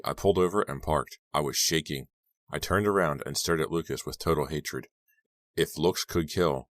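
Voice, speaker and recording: Guy with a super deep voice reading a scary teen book, dry close mic. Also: a bit bright, no echo. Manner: tense first-person storytelling. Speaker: audiobook narrator. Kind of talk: scripted audiobook narration.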